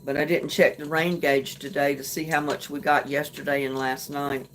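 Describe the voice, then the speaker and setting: A middle-aged woman hosting a casual late-night livestream chat, greeting viewers and talking about her day in a homey way with soft laughs. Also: sits low, little pitch movement, normal speed, slight background noise. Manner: chatty, homey, laughs softly between remarks. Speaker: livestream host. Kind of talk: casual live chat reading comments.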